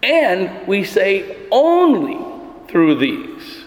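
High-voiced man preaching in an echoey church. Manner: emphatic preaching, swings between soaring and hushed. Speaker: pastor. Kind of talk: sermon.

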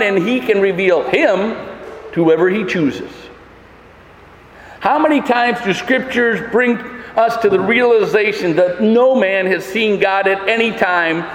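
A high-voiced male pastor delivers an emphatic sermon full of rhetorical questions. He is recorded in an echoey hall with long reverb.

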